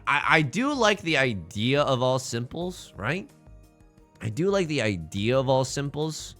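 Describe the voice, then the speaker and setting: Male streamer, bright and animated, joking through his plays over faint music. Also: medium pitch. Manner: animated, jokey, self-narrating. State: hiccuping. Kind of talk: live game stream commentary.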